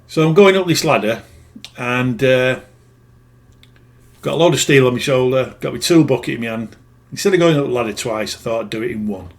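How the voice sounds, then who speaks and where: A middle-aged spiritual healer tells a story in a loose, rambling monologue, speaking plainly and often doubling back to correct himself. His pitch is ordinary and mid-range, and he talks fairly quickly.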